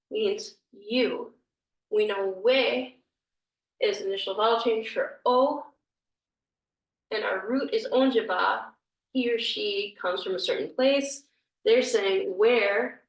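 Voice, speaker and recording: A woman's voice: fairly high pitch, vocal fry, reverberant, recorded from a distance, low-quality recording. A woman teaching a grammar lesson, explaining step by step, thinking aloud and often hesitating. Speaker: language teacher.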